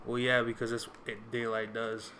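A man's voice: medium pitch, completely flat delivery, normal speed, sharp tone, slight background noise. A man co-hosting a podcast, chatting casually with short, laid-back replies. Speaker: podcast co-host. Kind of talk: casual chat.

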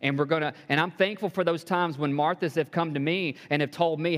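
A man preaching a sermon to a congregation, building to emphatic peaks and dropping to soft, hushed lines, with joking asides. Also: fairly high pitch, steady tone, a little fast. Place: church sanctuary. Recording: long hall reverb.

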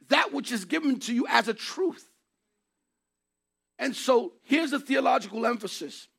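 A man preaching a sermon in an emphatic way, repeating key phrases and rising to shouts. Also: very high-pitched, creaky, slightly rough.

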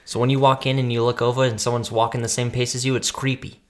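A man's voice: mid-range voice, flat delivery, fast. A young man co-hosting a casual podcast, telling rambling work stories, laughing often and sometimes losing his words. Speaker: podcast co-host. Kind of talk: casual chat.

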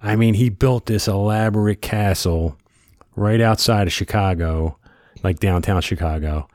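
Lively Philly man telling stories. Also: on the low side, measured pace, no room sound, studio quality. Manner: animated storyteller who acts out quotes loudly. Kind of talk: casual storytelling chat.

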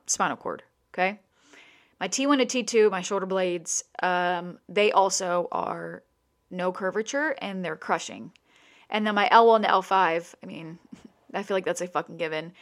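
A woman's voice: medium pitch, a bit bright. A young woman speaking candidly and emotionally to listeners, swearing often and restarting her sentences as she tells a personal story. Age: young adult.

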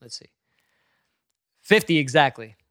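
An American man with a slightly high, bright voice talks through a relaxed podcast chat, dry in humor and easygoing. The sound is close and dry, with no room echo. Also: a little slow. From United States. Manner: laid-back, wry, pop-culture talk. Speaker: podcast co-host. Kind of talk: casual chat.

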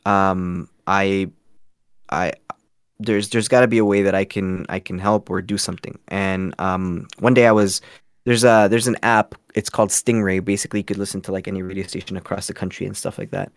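A young man from Canada tells a story in a rambling way, restarting sentences and filling pauses. His voice sits a little low and the sound is dry and close, with no room around it. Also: steady tone, smooth, no echo. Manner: rambling, many restarts and fillers. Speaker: guest, scambaiter. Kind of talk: casual storytelling interview.

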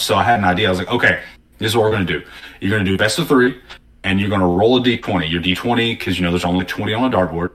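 A man in casual conversation, animatedly telling stories and acting out what people said. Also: deep voice. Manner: animated storyteller, acting out quotes. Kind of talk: casual conversation about tabletop games.

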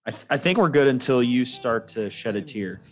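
A man's voice: mid-range voice, animated, brisk. A young man co-hosting a podcast, bantering in a teasing, easygoing way. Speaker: podcast co-host. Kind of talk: casual podcast chat.

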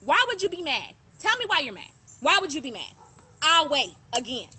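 A podcast host speaks to her listeners in a passionate, emphatic monologue, repeating phrases to hammer home her points. Her high-pitched voice is sing-song and sharp at normal speed, and she stays conversational, thanking commenters mid-talk.

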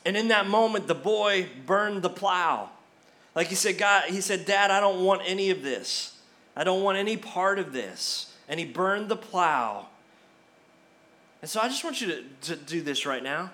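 A man's voice: high-pitched, lively intonation, a little slow, bright, forceful tone. A middle-aged man preaching a sermon as pastor, emphatic and repeating his key phrases.

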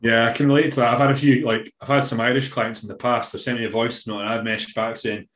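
A man's voice: mid-range voice, level tone, quick pace, fairly bright tone, echoey room. A Scottish man, a bodybuilding coach, talking in a rambling, emphatic way in a casual podcast interview, now and then swearing. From Scotland.

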